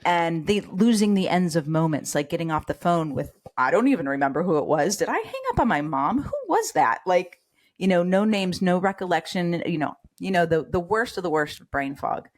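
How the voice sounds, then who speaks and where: A middle-aged woman who works as a nurse and educator shares her personal story as a guest on a podcast. Her voice sits on the low side and she speaks at a moderate pace, animated and acting out the voices she quotes.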